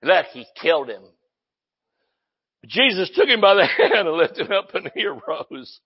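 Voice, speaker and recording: A man preaching with a high, lively voice that swings up and down as he drives his points home. He shouts at times and jokes with the congregation. The recording sounds muffled and lo-fi. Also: normal speed, breathy edge. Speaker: pastor. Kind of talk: sermon.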